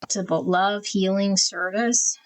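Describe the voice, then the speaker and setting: A woman giving a pick-a-card tarot reading, talking quietly and evenly and reading card meanings as lists of words. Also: measured pace, low-quality recording. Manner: quiet, even and low-key, trying not to be loud early in the morning. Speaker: tarot reader.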